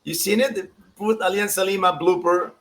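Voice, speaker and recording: A man, chatting casually as a soccer pundit, animated and laughing as he acts out quotes. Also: sits high, a little fast, low-quality recording. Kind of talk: casual podcast chat.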